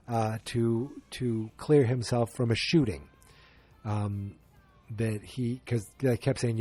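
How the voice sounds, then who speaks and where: A man's voice: mid-range voice, warm tone. A man hosting a podcast, talking through a movie's plot in a rambling way, often correcting himself and acting out the characters' lines. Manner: rambling, self-correcting, acts out quoted lines. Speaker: podcast host. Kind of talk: casual movie review monologue.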